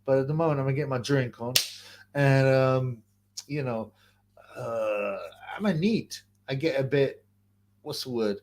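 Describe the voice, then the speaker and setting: Young man, casual streamer host, slangy rambler, middle-pitched voice. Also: unhurried, long pauses, a little mellow, a little hiss or hum. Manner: rambling and slangy, laughs often, trails off into mumbles. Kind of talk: casual live-stream chat reading donations and questions.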